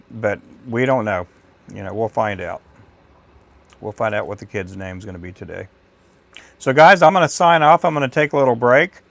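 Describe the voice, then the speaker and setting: A man's voice: fairly low pitch, vocal fry, a bit bright. A middle-aged man from Texas hosting a casual livestream, rambling and chatty as he thanks viewers by name. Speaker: livestream host. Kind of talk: casual live chat with viewers.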